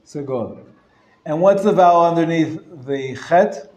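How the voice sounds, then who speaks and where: A male rabbi teaching a live class, explaining patiently and sounding words out slowly, often clearing his throat and chuckling. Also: a little high, animated, a little mellow, a little hiss or hum. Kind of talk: live classroom lesson on Hebrew reading. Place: lecture room. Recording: roomy echo from a live class.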